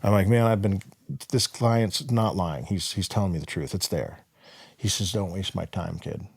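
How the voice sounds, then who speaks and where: Deep-voiced young man, guest telling a rough-edged story in casual talk, acts out the quotes, dry close sound. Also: expressive, normal speed, darkish tone, no room sound. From Southern California. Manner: blunt, profane, acts out quoted dialogue. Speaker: podcast guest.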